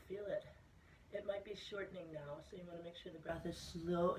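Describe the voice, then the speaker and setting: Calm woman coaching a plank workout. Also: fairly low pitch, a little slow, a little hiss or hum. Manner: calm, coaching cues with breathing reminders. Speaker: fitness instructor. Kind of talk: guided plank workout instruction. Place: fitness center room. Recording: echoey room from a distance.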